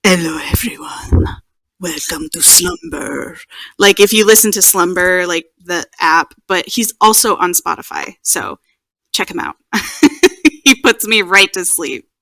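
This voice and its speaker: A young adult woman co-hosting a podcast, chatting casually, giggly and quick to quote people. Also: on the low side, no echo. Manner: giggly, animated, quotes people in put-on voices. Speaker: podcast co-host. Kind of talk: casual chat.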